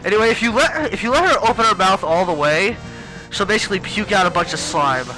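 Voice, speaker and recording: A young man giving casual, rambling gameplay commentary, chatty and quick to get excited. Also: high-pitched, music in the background, poor audio. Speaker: let's play gamer.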